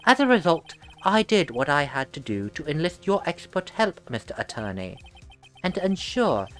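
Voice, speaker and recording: A woman voicing a polite, menacing gentleman assassin in a fan voice-over of a game. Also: deep voice, big pitch swings, moderate pace. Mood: calm, menacing. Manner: courteous, formal, quietly menacing.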